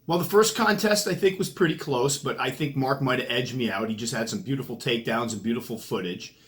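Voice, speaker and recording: A man's voice: medium pitch, a little fast, a bit bright. A middle-aged man with a New England accent, hosting his own channel and talking casually to camera, joking and trash-talking about himself. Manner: joking, self-mocking trash talk. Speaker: tarantula keeper and channel host. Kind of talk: casual vlog talk to camera, mock fight interview.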